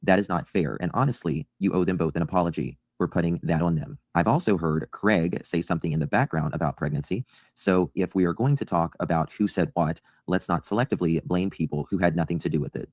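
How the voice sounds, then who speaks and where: A man calmly and insistently reading out an email he sent, correcting claims about himself. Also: low voice, fast talker, no room sound, studio quality.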